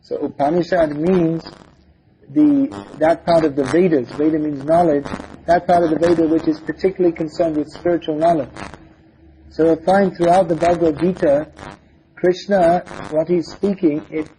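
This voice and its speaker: A man's voice: a little high, steady tone, moderate pace, mellow, poor audio. Man giving a devotional scripture lecture. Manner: explanatory, rhetorical questions, chants verses. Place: lecture hall. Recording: faint background noise, older recording.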